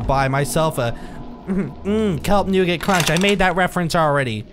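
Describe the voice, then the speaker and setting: A man giving commentary while playing a horror game, panicking with yelps and strings of rapid protests. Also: sits high, very animated, background noise. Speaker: let's play gamer. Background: game music.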